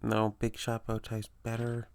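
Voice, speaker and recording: A man giving low-key, hesitant let's-play commentary, quiet and mumbled with fillers. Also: monotone, unhurried, clear, resonant tone. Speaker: gamer.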